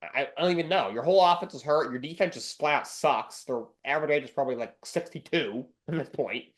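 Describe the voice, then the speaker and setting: Host type: man with a slightly higher voice, blunt, rants, repeats points for emphasis. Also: a little fast. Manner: blunt, ranting, repeats himself. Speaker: sports podcast host. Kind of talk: opinionated solo sports talk.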